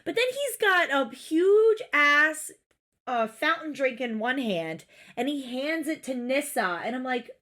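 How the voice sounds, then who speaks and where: Woman, slightly higher voice, podcast co-host, casual exasperated ranting. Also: big pitch swings, measured pace, a bit bright. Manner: exasperated, swears often, mimics people in quotes. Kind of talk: casual recap chat.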